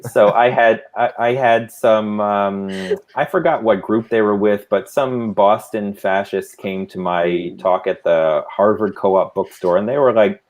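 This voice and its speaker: A man speaking as a guest on a panel, thoughtful and measured, telling anecdotes from past talks. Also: fairly low pitch, steady tone. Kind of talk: casual panel discussion.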